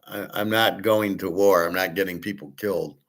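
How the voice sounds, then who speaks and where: A man's voice: low voice, steady tone, normal speed. A man hosting a casual opinion monologue, blunt and profane, arguing with rhetorical questions. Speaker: host.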